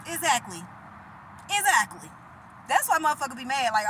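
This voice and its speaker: A high-pitched woman, blunt and full of profanity as she preaches to the camera. Her emphatic, casual delivery comes through over steady background noise with vehicles passing. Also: moderate pace, pauses often, rough recording. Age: 30s.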